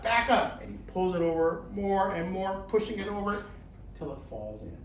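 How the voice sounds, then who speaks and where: A man telling a folk tale to an audience in a lively, expressive way, with slow, dramatic pauses. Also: fairly high pitch, slight background noise. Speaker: volunteer storyteller. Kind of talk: animated storytelling to an audience. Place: luncheon hall. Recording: roomy distant room mic, faint ambience.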